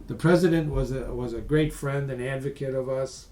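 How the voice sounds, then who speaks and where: A man presenting a webinar as a lively, emphatic storyteller who speaks straight to his audience. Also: mid-range voice, normal speed, echoey room. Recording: voice distant from the mic.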